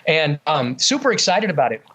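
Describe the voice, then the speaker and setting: A man's voice: fairly high pitch, very animated, fairly quick, sharp tone. A man who works as a ventriloquist, chatting eagerly in an interview and telling stories with lots of fillers. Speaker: ventriloquist guest. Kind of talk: casual interview chat.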